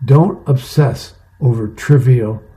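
A man's voice: medium pitch, slow pace, warm tone. A man voicing a grumpy husband who dryly lectures his wife from the porch steps. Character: grumpy middle-aged husband philosophizing on a porch.

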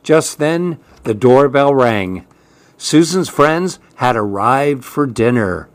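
Unhurried man reading kids' stories. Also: medium pitch, no echo. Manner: gentle, unhurried and even. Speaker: host of a story program. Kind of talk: reading children's stories aloud.

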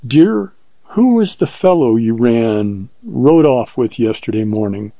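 An earnest, bold frontier ranger, voiced by a male narrator, speaks in a measured way. His tone is mellow and dark. The sound is dry and slightly lo-fi. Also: medium pitch, animated, no room sound. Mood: tender.

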